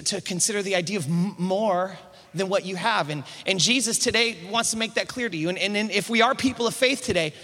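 High bright guy preaching a sermon, echoey big hall, pushes the crowd to repeat after him. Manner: energetic call-and-response preaching, repeated restarts. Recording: reverberant hall sound.

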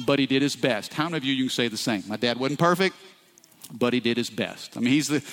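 A middle-aged male pastor preaching a sermon with passion, often turning to the congregation with asides. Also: medium pitch. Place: church sanctuary. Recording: echoey hall.

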